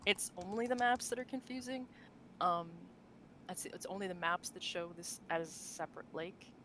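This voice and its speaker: A woman's voice: on the low side, moderate pace, a bit bright, a little hiss or hum, rough recording. A woman co-hosting a casual podcast chat about tabletop game lore, talking loosely with fillers and frequent laughs. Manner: chatty, laughs often, many fillers and restarts. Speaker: podcast co-host.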